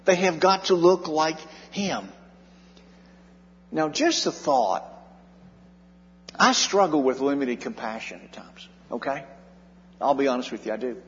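A man preaching a sermon as pastor, earnest, with his voice rising and falling in volume for emphasis. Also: fairly high pitch. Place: church sanctuary. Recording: dull sound in a long-reverb hall.

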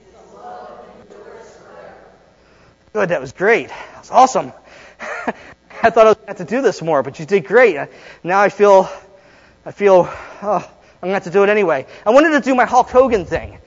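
A man with a high voice preaches to his congregation, joking and chatting one moment and drawing out slow, dramatic lines the next. His voice rings with long reverb through a church sanctuary. The recording is dull and lo-fi, with a mains hum under it. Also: animated, breathy edge. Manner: conversational and joking, with dramatic pauses. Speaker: pastor. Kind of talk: sermon with call-and-response.

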